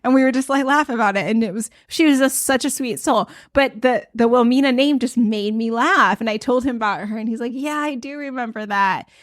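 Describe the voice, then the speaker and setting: A young pregnant woman talks through wellness tips in a loose, rambling way, full of fillers. Her voice sits a little high. The recording is close and dry, with no room sound. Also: fairly quick, few pauses, no room sound. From United States. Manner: chatty, rambling, many fillers. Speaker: podcast host. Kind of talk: casual podcast chat giving tips.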